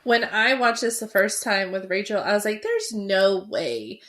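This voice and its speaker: A woman's voice: medium pitch, steady tone, normal speed, pushed and bright. A woman co-hosting a podcast, casually recapping a horror film in a chatty way with many fillers. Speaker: podcast co-host.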